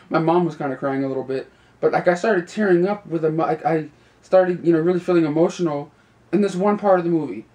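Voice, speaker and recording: A man's voice: fairly high pitch, mellow. A young man giving a casual, rambling review, leaning on fillers like "you know" and "like" and laughing often. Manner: laughs often while talking. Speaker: video reviewer.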